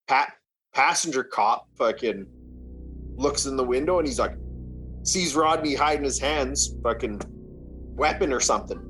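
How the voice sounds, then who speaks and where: A young man from Canada telling a wild story in casual podcast chat, swearing freely and acting out the shouting. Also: medium pitch, a little slow, long pauses, faint music behind. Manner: animated, swearing, acts out shouts.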